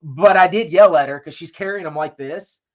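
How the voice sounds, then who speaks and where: A podcast co-host with a slightly high voice tells a long story at a moderate pace, loose and full of profanity. He acts out what people said along the way. The lo-fi recording suits this casual storytelling chat.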